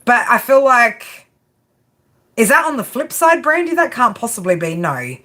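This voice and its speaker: A woman's voice: a little high, sing-song, moderate pace, sharp tone. A woman giving a blunt, profane tarot reading, exasperated and constantly asking "right?". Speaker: tarot reader. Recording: noisy background.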